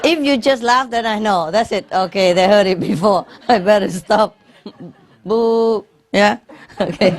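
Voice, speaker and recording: A woman's voice: lowish voice, a little mellow. A woman who is a spiritual teacher, telling jokes to a live audience in non-native English. She laughs often at her own jokes and checks in with her listeners with tags like "no?" and "eh?". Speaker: spiritual teacher addressing a gathering. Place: gathering hall.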